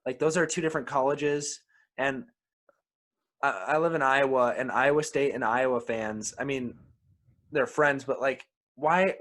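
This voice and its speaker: This film podcast co-host is a man with a mid-range, fairly bright voice. He reviews movies in a casual, opinionated way and often says his opening words twice when starting a sentence.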